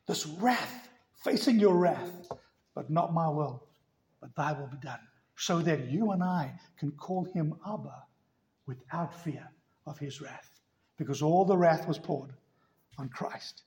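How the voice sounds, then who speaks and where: A man's voice: on the high side, slow, a little mellow. A man preaching a sermon as pastor, telling stories with emphatic, rising delivery. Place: church.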